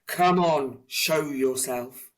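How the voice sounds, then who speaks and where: A woman voicing a huge, blustering male dragon in a storybook reading, loud and bellowing. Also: extremely low pitch, very slow, heavily acted. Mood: threatening. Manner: loud bellowing, roaring laughs.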